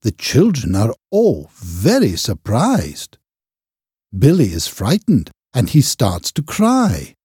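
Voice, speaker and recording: A man narrating a simple children's reader slowly and carefully. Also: medium pitch, wildly swooping pitch, warm tone, dry recording, clean studio sound. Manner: slow, clear, careful reading. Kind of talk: graded reader audiobook narration.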